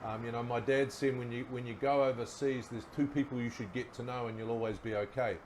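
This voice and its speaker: A middle-aged man, a guest telling relaxed stories in casual chat and laughing at his own yarns. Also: medium pitch, brisk, slight background noise. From New Zealand. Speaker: guest, former rugby player.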